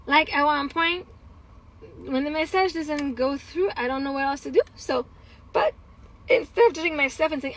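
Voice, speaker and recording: A woman's voice: high voice, moderate pace, a bit bright, poor audio. A woman talking in a casual personal vlog, candid and rambling, venting frustration with swearing and laughter. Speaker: vlogger.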